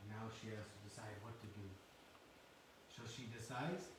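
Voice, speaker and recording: A man giving a religious class, telling a sacred story in an animated way and acting out the characters' words. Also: fairly low pitch, moderate pace. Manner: animated storyteller, acts out quotes, varies volume. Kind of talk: storytelling sermon. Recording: echoey room from far off, faint hiss.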